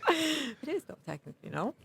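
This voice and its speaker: A woman's voice: high voice, big pitch swings, moderate pace, creaky, fairly bright tone. A middle-aged woman with an Irish accent, chatting as a podcast guest and laughing often. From Ireland. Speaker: podcast guest, nonprofit founder. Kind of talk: casual interview chat.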